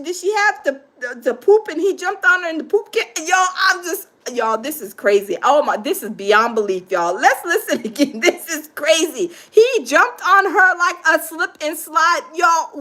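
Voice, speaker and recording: A woman hosting a reaction video, exclaiming and laughing as she talks straight to her viewers in excited commentary. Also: very high voice, moderate pace, few pauses. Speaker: reaction channel host.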